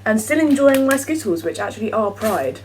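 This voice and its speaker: A woman's voice: fairly high pitch, expressive, moderate pace, darkish tone, far from the mic, slight background noise. Chatty jokey English teen girl. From England. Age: teens. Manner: chatty, jokey and self-mocking. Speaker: vlogger. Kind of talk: casual vlog to camera.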